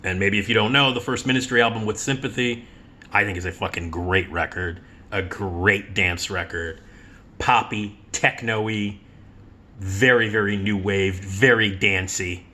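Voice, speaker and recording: A middle-aged man spins stories in a casual monologue, with a bright, forceful voice. He swears freely and laughs at his own stories. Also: on the low side, measured pace. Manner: animated, profane, laughs while telling stories. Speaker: radio host.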